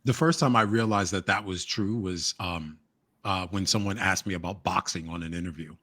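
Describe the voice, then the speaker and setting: A man hosting a casual chat, animated and telling stories with plenty of laughter. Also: low voice, normal speed, no room sound, clean studio sound. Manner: animated, laughs a lot, storytelling. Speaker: host.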